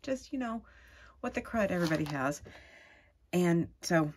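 A middle-aged woman chats through a craft-mail unboxing, gushing with excitement and wandering off into asides. Her voice sits low but swings widely in pitch. A faint hiss lies under the recording. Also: normal speed. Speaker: crafting vlogger. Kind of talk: casual unboxing chat.

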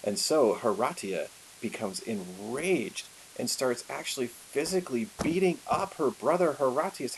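A man telling a history story in a lively, conversational lecture style, full of asides and fillers. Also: fairly high pitch, normal speed, a little hiss or hum, poor audio.

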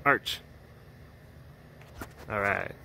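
A man's voice: extremely slow, sharp tone, a little hiss or hum. Playful man cooing at big cats. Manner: playful, coos at the animals. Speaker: vlog host at a big cat facility. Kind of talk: casual walking vlog. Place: outdoors at an animal compound.

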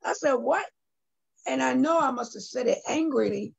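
Gravelly husky woman telling her story. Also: sits high, brisk, dull audio. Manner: earnest, testifying, addresses listeners directly. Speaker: guest artist and poet. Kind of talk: emotional personal storytelling. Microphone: video call.

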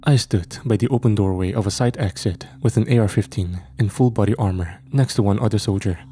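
Low, mellow male horror narrator. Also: slight background noise. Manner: measured, grim storytelling.

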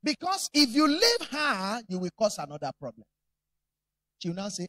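A man's voice: high voice, normal speed, dry recording. A man preaching a sermon, telling stories with humor and acting out voices. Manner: animated, humorous storytelling.

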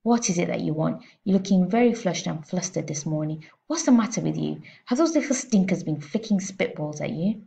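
A woman's voice: on the low side, lively intonation, brisk, vocal fry, hardly any pauses, dark tone. A woman doing a barking, bullying headmistress. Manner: barking, impatient. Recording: slightly muffled lo-fi recording.

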